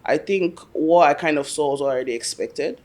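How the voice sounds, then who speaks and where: A man's voice: a little high, normal speed, a little mellow. A man guesting on a podcast, talking in a reflective way and using a lot of "like" and "kind of". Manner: reflective, lots of 'like' and 'kind of'. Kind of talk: casual chat.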